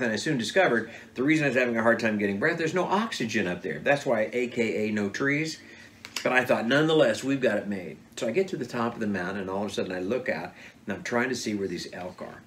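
Animated man telling a hunting tale. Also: mid-range voice. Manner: animated, acts out quoted dialogue. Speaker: father telling hunting stories. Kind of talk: casual storytelling interview.

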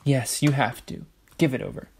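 A man's voice: mid-range voice, moderate pace, close to an everyday voice. A man voicing a haughty, bossy teenage girl in a storybook reading, commanding and falsely sweet. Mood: imperious.

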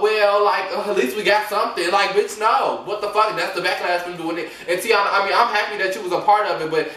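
A man's voice: high-pitched, bright, forceful tone, recorded from a distance, a little hiss or hum. A man giving blunt, profane, exasperated reaction commentary in a vlog. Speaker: commentary vlogger. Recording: echoey room, voice off-mic.

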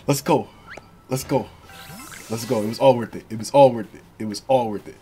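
A man giving excitable, slangy, joking commentary while playing a video game, swinging from low mutters to yells. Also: fairly quick, long pauses, slightly rough, faint music behind. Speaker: gaming streamer. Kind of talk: let's play commentary.

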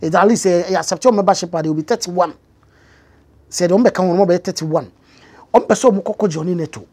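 Husky Ghanaian-accented woman explaining news. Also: fairly low pitch, fast, a little mellow. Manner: conversational with many fillers, rising emphatic stretches. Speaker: news commentator. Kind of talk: explanatory commentary mixing English and Twi.

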